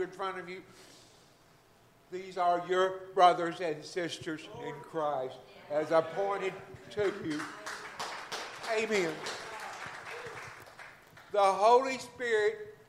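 A middle-aged man, a physician, giving a fervent, emotional testimony in church and breaking into shouts of hallelujah. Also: high voice, reverberant, slight background noise. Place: church sanctuary.

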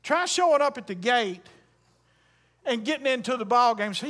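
A man's voice: extremely high pitch, lively intonation, normal speed, a bit bright. A man preaching a sermon as a Baptist pastor, emphatic and calling on the congregation to answer back. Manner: emphatic preaching with call-and-response.

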